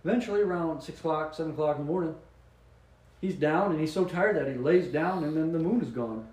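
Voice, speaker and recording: A slightly high-pitched man talking in an echoey room. He rambles through silly, deadpan explanations as a podcast co-host and chuckles at his own jokes. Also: brisk. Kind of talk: joking casual chat.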